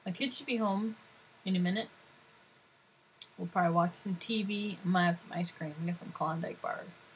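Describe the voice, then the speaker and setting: A middle-aged woman talks casually to her viewers. She rambles and chats freely and laughs often, in a somewhat low voice. A faint hum of room ambience sits behind her. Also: normal speed, pauses often, low-quality recording. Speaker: vlogger.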